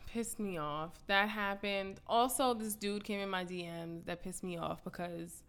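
A woman's voice: mid-range voice, a little slow, a bit bright, clean tone. A woman in her twenties co-hosting a podcast, chatting casually and venting bluntly, swearing freely. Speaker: podcast co-host. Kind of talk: casual chat.

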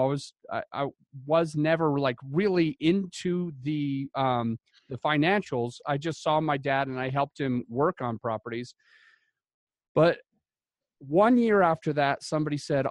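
A man from Utah, a podcast guest, telling stories in a lively, enthusiastic way. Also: medium pitch, unhurried, dry recording. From Utah, United States. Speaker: podcast guest, real estate investor. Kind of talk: casual storytelling interview.

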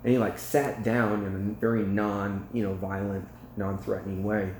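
A man with a low voice preaches his testimony, telling it vividly and acting out the voices. The room sounds echoey, with faint ambience underneath. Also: normal speed, a little hiss or hum. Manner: animated storyteller, acts out quotes, laughs. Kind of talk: testimony storytelling.

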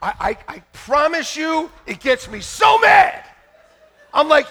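High-pitched gravelly guy preaching, fired up and shouty, jokes around. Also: very animated, takes it slowly. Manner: shouting, fiery, jokey preaching. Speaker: pastor. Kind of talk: sermon. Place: church sanctuary.

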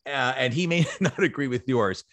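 A man co-hosting a casual interview, a sports reporter chatting in an animated way. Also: mid-range voice, moderate pace.

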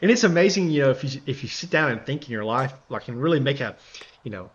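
A man co-hosting a faith podcast speaks earnestly at a mid pitch, leaning on you know and like. The sound is slightly dull and lo-fi. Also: animated, fast talker, slightly rough. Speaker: podcast co-host. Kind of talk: casual faith discussion.

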